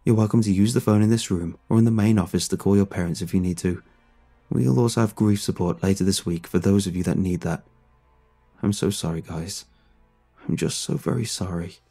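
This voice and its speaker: A man's voice: low-pitched, faint music behind. A man doing a drained, grieving teacher. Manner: quiet, halting, heavy. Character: grieving middle-aged male teacher, drained.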